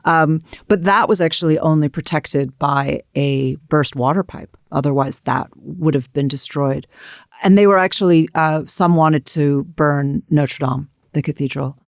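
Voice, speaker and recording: An American woman co-hosting a history talk, her voice gravelly with a creaky edge. She tells events in a vivid, emphatic way. The sound is close and dry. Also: low voice, unhurried, dry recording. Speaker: co-host. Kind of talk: history discussion.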